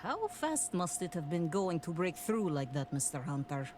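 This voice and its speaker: Curious woman guest, lowish voice, lively pitch, noisy audio. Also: normal speed.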